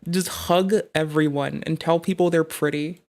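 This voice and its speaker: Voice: mid-range voice, fairly even intonation, normal speed, darkish tone. A streamer chatting casually on a live stream, rambling and swearing through comic stories. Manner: rambling, profane, comic storytelling. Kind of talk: casual chat.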